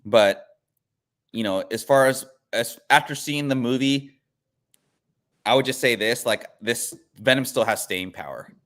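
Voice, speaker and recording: A man hosts a laid-back livestream about comic books, rambling through his thoughts with fillers and half-finished words. His voice sits in an ordinary middle pitch. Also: measured pace, a bit bright. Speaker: comic book channel host. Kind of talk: casual chat.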